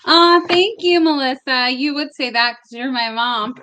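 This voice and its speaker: Young woman, high voice, unhurried, chatty tarot live-streamer in her bedroom, bubbly and giggly. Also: pushed and bright, a little hiss or hum. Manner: bubbly, greets chat viewers by name, laughs often. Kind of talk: casual live-stream chat.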